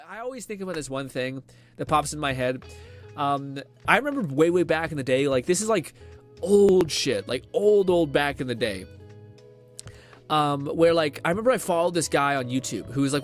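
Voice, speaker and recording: Rambling, profane young male streamer. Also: a little high. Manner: rambling, profane, laughs often, lots of fillers. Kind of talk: casual chat to stream viewers.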